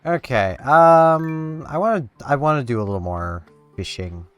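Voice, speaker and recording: A man's voice: mid-range voice, lively intonation, unhurried, clean tone, faint music behind. A man giving casual let's-play commentary, rambling and talking to himself and to the game as he plays. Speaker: gameplay commentator.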